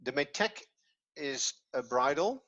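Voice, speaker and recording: With a slightly high, animated and a bit bright voice, this Hebrew teacher takes his time through an online lesson, going step by step and repeating patiently. Dutch is his first language and shows in his accent. The highs in the recording are cut off.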